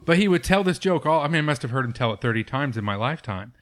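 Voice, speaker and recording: A man's voice: mid-range voice, expressive, rapid-fire, a bit bright. Self-deprecating, rambling male host. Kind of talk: casual conversation.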